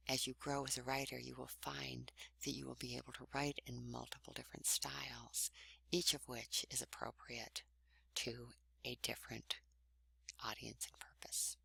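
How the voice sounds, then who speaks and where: Woman teaching writing online, husky voice, dry close recording. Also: extremely low pitch, level tone, moderate pace, no echo. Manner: conversational, explanatory, with many soft breathy trailing phrase endings. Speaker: writing instructor.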